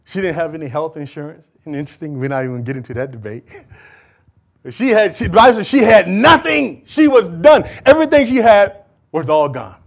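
A man preaching a sermon in church, emphatic and full of rhetorical questions, swinging from shouts to hushed asides. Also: a little high, very animated, normal speed.

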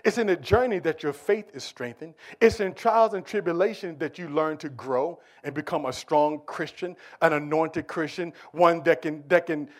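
Male preacher with a high voice and a dramatic sermon, dropping to a hush and rising to near-shouts. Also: moderate pace, few pauses. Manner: rhetorical questions, repetitions.

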